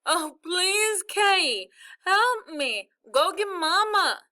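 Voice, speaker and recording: A woman's voice: lively intonation, very slow, bright, forceful tone, recorded from a distance, full character voice. A woman voicing a panicked young boy who cries and begs for help. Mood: frantic pleading. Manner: high, frantic pleading.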